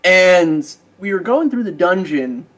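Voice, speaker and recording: A man with a fairly high voice chats casually late at night. He tells a gaming story with lively energy and acts out the quoted lines. Faint music runs underneath. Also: unhurried. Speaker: gamer friend.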